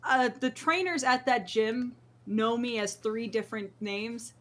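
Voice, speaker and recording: Brief: woman podcast host, a bit high-pitched, chatty smart-aleck telling gym stories. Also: a little slow. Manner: jokey, self-deprecating, animated storyteller. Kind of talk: casual chat.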